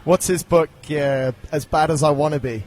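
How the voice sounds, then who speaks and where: A man's voice: on the high side, steady tone, normal speed, a little mellow, a little hiss or hum. A man hosting a podcast, upbeat and chatty as he introduces the show and interviews a guest. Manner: upbeat, chatty, reads sponsor plug. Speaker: podcast host.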